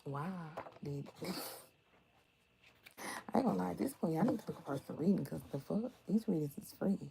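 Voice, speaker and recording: A young adult woman doing a casual tarot reading for her viewers, blunt, animated and full of swearing. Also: on the low side, normal speed, vocal fry, a little hiss or hum, rough recording. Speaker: tarot reader.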